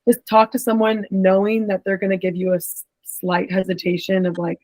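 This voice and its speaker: A woman's voice: medium pitch, fairly even intonation, moderate pace, no room sound, rough recording. Young woman, casual, rambling podcast chat. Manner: rambling, lots of "like" fillers. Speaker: podcast co-host, former pro soccer player.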